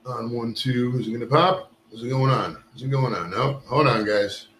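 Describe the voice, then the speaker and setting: A man's voice: mid-range voice, moderate pace, fairly bright tone, a little hiss or hum. A man hosting a casual live stream, swearing and rambling while fixing his camera gear. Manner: profane, rambling, fixes gear on air. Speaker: live show host. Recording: roomy echo.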